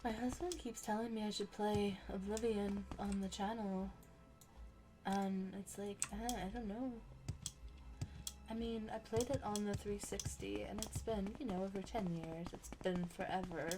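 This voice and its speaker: A woman's voice: mid-range voice, steady tone, a little slow. A young woman chatting casually and thinking aloud as she plays a video game. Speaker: gaming channel host. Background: game music and keyboard typing.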